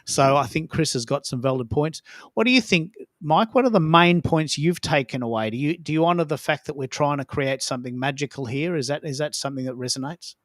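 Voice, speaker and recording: A man's voice: on the high side, brisk, fairly bright tone, dry recording, studio quality. A man hosting a casual online audio chat, enthusiastic and fond of rhetorical questions. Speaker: host.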